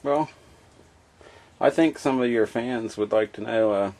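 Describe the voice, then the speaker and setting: A man's voice: medium pitch, a little slow, a little mellow. A man co-hosting a casual home vlog with his wife, with a dry, teasing manner. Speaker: co-host, the host's husband.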